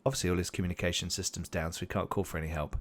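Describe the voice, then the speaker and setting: A man's voice: low voice, little pitch movement, very fast. A man narrating a tabletop game as game master, rambling with many fillers.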